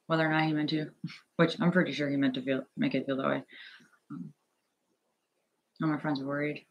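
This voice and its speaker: A young man records a personal vlog at home on an earphone headset, giving a lo-fi sound. His voice is on the high side, gravelly and fairly flat, and he talks nervously and haltingly, rambling with plenty of fillers and restarts.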